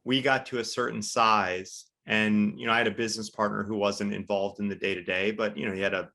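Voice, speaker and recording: A man hosting a business interview speaks in a low voice. He reflects out loud in a loose, conversational way, full of casual fillers. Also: level tone, fairly quick, creaky. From United States. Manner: reflective, conversational, many fillers like "you know". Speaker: podcast host.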